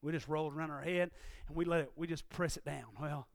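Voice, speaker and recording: Preacher guy, high clear voice, goes from quiet talk to full-on shouting, folksy ain't and y'all, dry close mic. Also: fairly even intonation, fast, no room sound. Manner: swings from low conversational asides to shouted, impassioned climaxes. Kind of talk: sermon.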